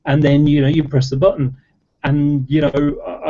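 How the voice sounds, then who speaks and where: A man's voice: fairly high pitch, little pitch movement, brisk, dark tone. A man explaining at length in casual chat, rambling with lots of fillers and restarts. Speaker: debater in an online chat. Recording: dull lo-fi audio.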